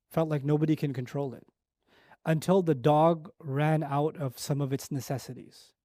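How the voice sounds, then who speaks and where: A middle-aged man teaching a lecture on Quran verses, telling analogies with rising emphasis that drops to quiet low moments. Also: no echo, studio quality. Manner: animated storytelling, pitch rising high for emphasis and dropping low and quiet.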